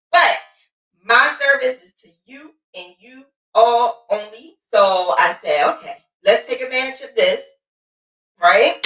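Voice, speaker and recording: A woman hosting a casual crochet livestream, lively and playful, chatting to viewers and greeting them by name. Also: on the high side. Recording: roomy sound, mic at a distance.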